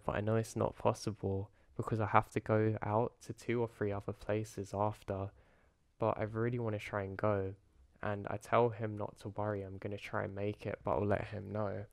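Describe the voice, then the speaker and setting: A man tells a first-person horror story in an earnest, steady manner. His voice sits on the low side. The recording is close and completely dry, with no room sound. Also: dry recording.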